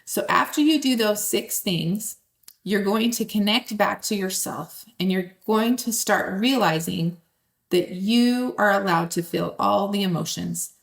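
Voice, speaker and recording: A woman walks the listener through a lesson one step at a time. Her voice has a gravelly edge and sits at an ordinary pitch, and she speaks calmly and directly. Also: measured pace. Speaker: host. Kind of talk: step-by-step teaching.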